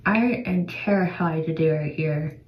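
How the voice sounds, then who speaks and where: A woman's voice: low-pitched, unhurried, muffled recording, slight background noise. A young woman filming a confessional vlog, anxious and close to tears as she talks to the camera. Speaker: vlogger. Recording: echoey room, faint ambience.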